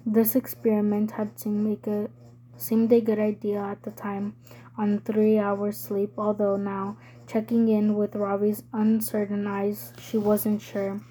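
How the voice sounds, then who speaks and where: A woman reading a novel aloud, softly, with frequent slips and self-corrections. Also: mid-range voice, completely flat delivery, a little slow, poor audio. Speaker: reader.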